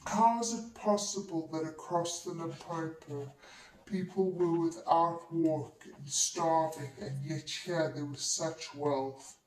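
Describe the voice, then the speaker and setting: Slow, echoey audiobook narration. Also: mid-range voice, steady tone, darkish tone. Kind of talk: first-person audiobook narration. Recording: roomy echo, distant mic.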